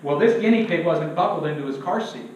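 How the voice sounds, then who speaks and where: A man's voice: on the high side, brisk, a little mellow, slight background noise. A young male preacher giving an emphatic sermon in a church, asking the congregation to fill in words and joking at his own expense. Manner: self-deprecating humor. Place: church sanctuary. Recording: very echoey church, distant and dull.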